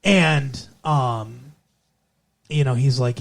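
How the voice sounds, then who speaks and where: A man's voice: fairly high pitch, animated, measured pace. Rambling man recapping an episode. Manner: rambling with many fillers. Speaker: podcast co-host.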